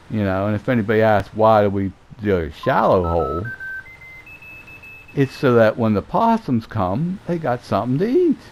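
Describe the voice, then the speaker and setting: A man, a gaming streamer telling a rambling, profane story and acting out each exchange. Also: medium pitch. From Southern United States. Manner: animated, swears freely, acts out quoted exchanges.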